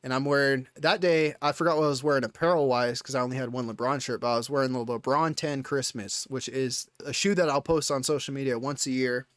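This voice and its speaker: Excitable young man telling a rambling story. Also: mid-range voice, dry recording. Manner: rambling and excitable, with many restarts and casual swearing. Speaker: live streamer. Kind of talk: casual storytelling.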